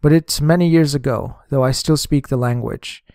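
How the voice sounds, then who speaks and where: A man's voice: mid-range voice, normal speed, a little mellow, no room sound, studio quality, lightly acted. A man reading a hot-tempered communist official. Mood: insistent. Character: insistent, irritable male communist official.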